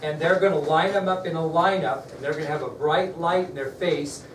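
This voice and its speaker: A man's voice: a little high, fairly even intonation, a little fast. A man teaching a history lesson to a class, telling the story in a conversational way and putting questions to his students. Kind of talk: classroom lecture. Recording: echoey room, mic far off, faint background noise.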